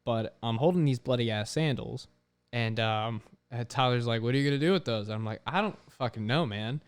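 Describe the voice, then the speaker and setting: A young man, a podcast host, telling a story in casual chat, animated, swearing often and filling his talk with "like". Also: medium pitch, brisk, smooth.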